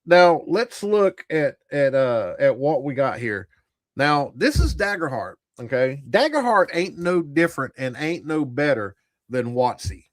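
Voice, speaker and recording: Blunt, animated male streamer. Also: fairly high pitch, a little slow, no echo, studio quality. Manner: blunt, profane and rambling. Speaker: tabletop gaming channel host. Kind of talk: casual livestream commentary.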